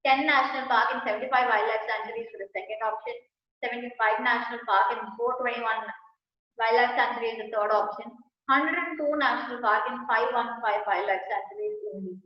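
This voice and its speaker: A woman with an Indian English accent teaches exam questions, repeating each answer and checking in with her listeners as she goes. Her voice sits a little high. The recording is very roomy and dull, with a muffled, lo-fi sound. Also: steady tone, fairly quick. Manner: patient, repeats key answers, frequent "right?" and "you know". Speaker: exam tutor. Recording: echoey room, dull lo-fi sound.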